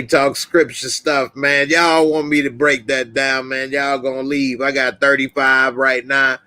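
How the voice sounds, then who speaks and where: A man's voice: medium pitch, bright, forceful tone, no echo. A man hosting a casual live stream, laid-back and slangy, reading viewer comments aloud. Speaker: host.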